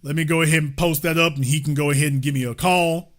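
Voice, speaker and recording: A man's voice: fairly high pitch, fairly even intonation, quick pace. A man hosting a political livestream, talking in a sarcastic, mocking way to his chat. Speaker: livestream political show host. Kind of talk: livestream commentary.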